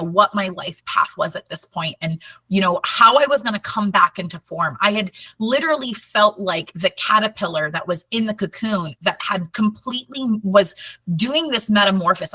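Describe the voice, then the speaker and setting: A woman guest on a podcast, telling a personal story in a lively, chatty way and laughing often. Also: fairly low pitch, no echo, distant mic, low-quality recording.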